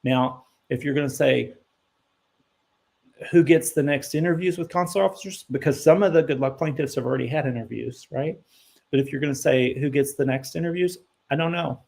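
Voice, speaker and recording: Gravelly-voiced man answering live questions. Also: on the high side, fairly quick, a little mellow. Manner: conversational, thinking aloud with frequent ums and self-corrections; emphatic and blunt when correcting misconceptions. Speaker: immigration attorney hosting a live Q&A.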